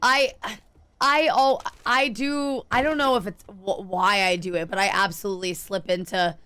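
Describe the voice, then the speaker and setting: A woman's voice: mid-range voice, steady tone, moderate pace, pushed and bright, clear, resonant tone. A young woman streaming a game, chatting casually and answering her viewers as she plays. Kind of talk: casual live-stream chat while gaming.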